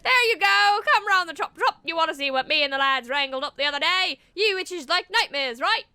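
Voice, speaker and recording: A woman voicing a rowdy, cheeky male monster hunter with a put-on Australian-English accent, talking loud and slangy. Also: extremely high pitch, lively intonation, fairly quick, voice pushed up, exaggerated voice. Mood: boisterous.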